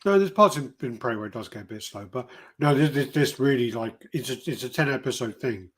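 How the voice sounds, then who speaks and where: Man, podcast host, mid-pitch, chatty and profane, rambling storyteller. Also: expressive, fairly quick, husky. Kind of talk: casual chat.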